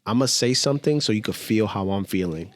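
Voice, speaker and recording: A man co-hosting a podcast, talking in a blunt, slangy way and trailing off into a low mumble. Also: lively intonation, brisk. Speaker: podcast co-host. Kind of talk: casual chat.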